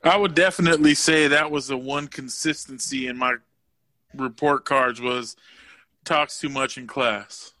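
A man's voice: mid-range voice, fairly even intonation, a little slow, pushed and bright, no echo. A man in his forties, co-hosting a casual podcast chat, joking and doing mock voices. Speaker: podcast co-host. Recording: dry close sound.

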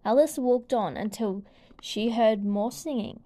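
Woman storybook narrator; unhurried, clear, slightly high-pitched read-aloud. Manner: slow, gentle, clear reading.

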